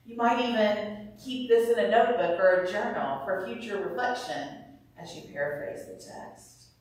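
A woman calmly teaching ways to meditate on scripture, in a measured, explanatory manner. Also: medium pitch, recorded from a distance. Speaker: Bible teacher. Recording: roomy echo, voice somewhat off-mic.

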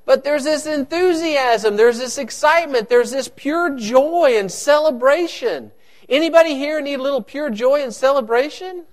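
A man preaching a sermon to his congregation, animated and joking with the listeners. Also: very high voice, normal speed. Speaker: pastor.

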